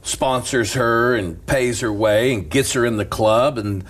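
A middle-aged man, a pastor, telling a story in animated casual chat and laughing often. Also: mid-range voice, a little slow, slightly rough.

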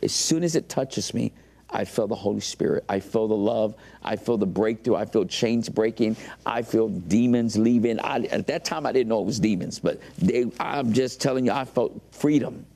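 A man's voice: on the low side, normal speed, creaky, warm tone. A man earnestly telling his faith testimony in an interview, emotional as he recounts it.

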